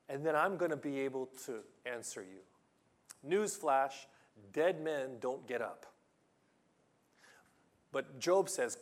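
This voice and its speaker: A man preaching a sermon with passion, reading scripture loudly and restarting his sentences when he gets excited. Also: on the high side, slow, long pauses. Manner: impassioned, rising to loud emphatic reading of scripture. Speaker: pastor.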